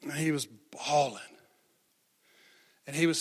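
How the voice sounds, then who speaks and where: A man's voice: medium pitch, measured pace, long pauses, a bit bright. A male preacher giving an impassioned sermon, repeating phrases for emphasis. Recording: long hall reverb.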